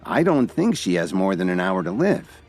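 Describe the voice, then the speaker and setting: A man playing a young doctor in an audio story, low voice kept formal and stiff. he delivers grim news reluctantly, polite over hidden irritation, with soft music beneath. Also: sing-song, normal speed.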